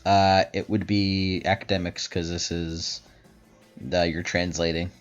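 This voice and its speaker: A man narrates as game master of a tabletop game, stopping and restarting often with plenty of fillers. His voice sits on the low side. The audio is dull and lo-fi, with soft music underneath. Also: little pitch movement. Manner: halting, many fillers and restarts.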